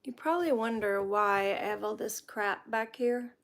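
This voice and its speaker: A woman hosting a casual cooking chat, rambling with restarts and often dropping into soft near-whispers. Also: fairly high pitch, normal speed. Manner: chatty and rambling, with frequent restarts. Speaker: host of a cooking chat stream. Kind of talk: casual chat while cooking, reading viewer comments.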